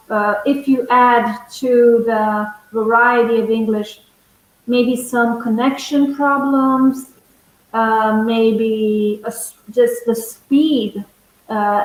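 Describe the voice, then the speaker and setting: A woman from the northern United States, an English teacher chatting thoughtfully in a live online lesson and pausing to find her words. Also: fairly high pitch, echoey room, poor audio.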